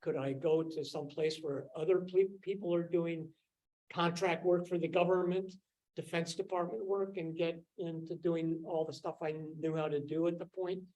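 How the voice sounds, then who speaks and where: An older man, a scientist, recounting his student years in a relaxed, rambling way, with many fillers and restarts. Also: a little high, moderate pace, rough recording. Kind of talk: casual storytelling.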